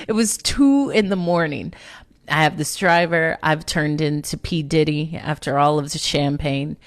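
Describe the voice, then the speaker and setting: A woman's voice: sits low, normal speed, no echo, clean studio sound. A woman hosting a casual personal storytelling talk, conversational and self-mocking, often laughing at herself. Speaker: storyteller host.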